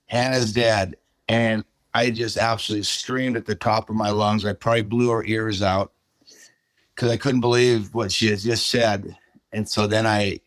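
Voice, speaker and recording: A man's voice: on the low side, no echo. A middle-aged man giving a personal testimony as a podcast guest, plainspoken and casual, acting out what people said. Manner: plainspoken, casual, retells dialogue.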